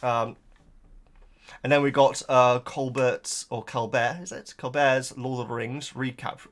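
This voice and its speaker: A man's voice: medium pitch, little pitch movement, a little slow, fairly bright tone. A man hosting a reaction video, chatting in a rambling, hesitant way, emotional and close to tears. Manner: rambling, hesitant, full of fillers and repeated words. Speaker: YouTube reaction host. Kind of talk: casual reaction chat to camera.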